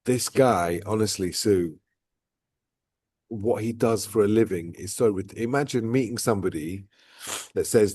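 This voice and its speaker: A man's voice: fairly low pitch, measured pace, long pauses, mellow, slightly rough, no room sound, clean studio sound. A man hosting a vlog, talking casually and at length, often tagging "right?" and "look" onto his points. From outside Dubai. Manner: rambling, repeats "right?" and "look". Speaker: vlog host. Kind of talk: casual reflective chat.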